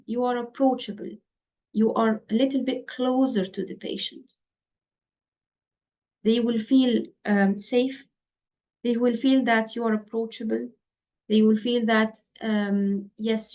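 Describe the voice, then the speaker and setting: A woman's voice: fairly high pitch, darkish tone. A woman teaching doctors in an online lesson over a computer mic, repeating her points and checking in with her listeners. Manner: slow, repetitive, checks in with listeners. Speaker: medical exam tutor.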